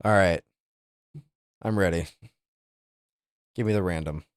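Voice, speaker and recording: A young man streaming live, chatting casually with viewers and reacting to things with loud, incredulous, profane outbursts. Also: low voice, a little slow, smooth, no room sound, studio quality. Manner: incredulous, swearing, exaggerated reactions.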